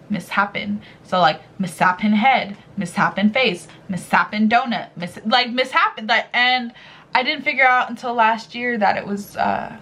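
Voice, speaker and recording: A young woman vlogger with a fairly high voice, talking to her viewers in a loose, slangy way and swearing offhandedly. Her tone is bright and sharp. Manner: playful, slangy, swears casually. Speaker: YouTuber reacting to a video. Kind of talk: casual chat.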